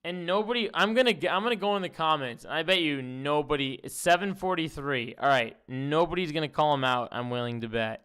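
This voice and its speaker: A man's voice: a little high, brisk, few pauses, fairly bright tone, clear, resonant tone. A young man streaming live, reacting to videos with profane, disgusted outbursts and casual chatter.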